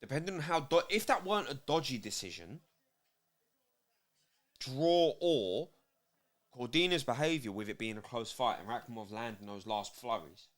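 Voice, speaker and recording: A man's voice: mid-range voice, animated, moderate pace, long pauses. A man with a British accent, breaking down a boxing bout in casual, sweary commentary. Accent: British English. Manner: analytical, blunt, sweary. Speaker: co-host, boxing pundit. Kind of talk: casual fight commentary chat.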